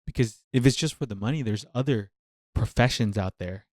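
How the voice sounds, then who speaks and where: A man's voice: mid-range voice, fairly quick, a little mellow, no echo, studio quality. A man, a nurse, giving casual reaction commentary on a TV show, passionate and venting, repeating himself as he thinks aloud.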